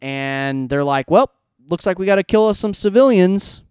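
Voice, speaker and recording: Man, crisp smooth voice, dry close mic, casual podcast chat, animated asides. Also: sits high, no room sound. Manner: animated, quick asides, acts out characters' lines. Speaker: podcast co-host. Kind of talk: casual fan discussion.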